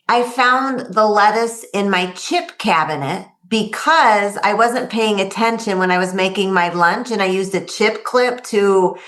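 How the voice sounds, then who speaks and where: A woman's voice: mid-range voice, unhurried, a bit bright. A middle-aged woman, a guest author in a casual interview, chatty and acting out her own inner thoughts in quotes. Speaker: guest, workplace wellbeing author.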